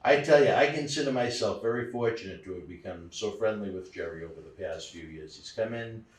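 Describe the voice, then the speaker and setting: A man's voice: fairly low pitch, brisk. A man hosting an interview, asking questions and chiming in with friendly comments. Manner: conversational, affirming. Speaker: interview host. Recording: roomy sound from a distant mic.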